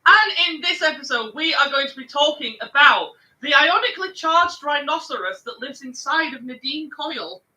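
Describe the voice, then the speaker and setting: A woman leads a loose, unscripted chat podcast, her voice high and strikingly bright, swinging widely up and down. She banters loudly, laughs often and swears without a second thought. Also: lively intonation, normal speed, hardly any pauses, poor audio. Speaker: podcast host.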